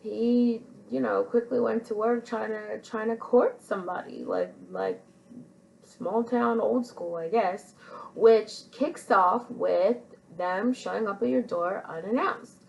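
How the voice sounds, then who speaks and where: A woman's voice: medium pitch, expressive, slow pace, creaky, a little mellow, highs cut off, slight background noise. A woman vlogger casually telling a personal story to camera, rambling with many restarts. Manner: rambling, full of fillers and restarts.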